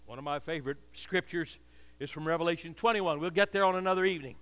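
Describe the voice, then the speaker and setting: An older man delivers a fervent sermon in a high, ringing voice, piling up phrases in a rolling preacher's cadence. His bright tone carries a long hall echo, as if heard across a big sanctuary. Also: quick pace. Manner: impassioned, repetitive preaching cadence.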